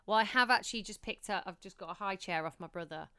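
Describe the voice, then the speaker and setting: A woman's voice: mid-range voice, quick pace, very noisy. A woman in her thirties, a podcast co-host, chatting casually and reflectively about motherhood. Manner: chatty, reflective, many restarts. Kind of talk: casual chat.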